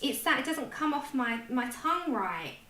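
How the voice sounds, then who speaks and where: London woman hosting a colouring livestream, chatty and self-deprecating, bright voice, echoey room. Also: high-pitched, big pitch swings, normal speed. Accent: London English. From London, England. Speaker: livestream host. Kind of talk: casual chat while colouring. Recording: echoey room with faint noise.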